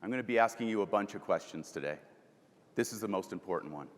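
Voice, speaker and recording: A man's voice: lowish voice, lively intonation, quick pace. A man giving a live motivational talk at a conference, putting questions to the audience and guiding them through breathing exercises. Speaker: motivational speaker. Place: large conference hall. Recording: long hall reverb.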